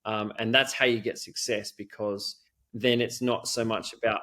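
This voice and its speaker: A man's voice: lowish voice, little pitch movement, moderate pace, sharp tone. A middle-aged man answering interview questions in an earnest, rambling way, with many "you know"s. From Australia. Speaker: guest expert on child safety.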